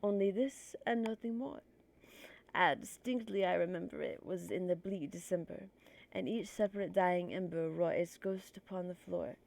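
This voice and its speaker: A woman's voice: lowish voice, moderate pace, creaky, a little mellow. A woman streamer with a stuffy nose reading poetry aloud on a livestream, nervous and self-conscious, apologizing for her slips.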